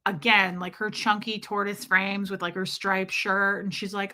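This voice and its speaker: A woman hosting a livestream, reading viewer comments and mimicking people in animated put-on voices. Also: medium pitch, moderate pace, hardly any pauses. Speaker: livestream host.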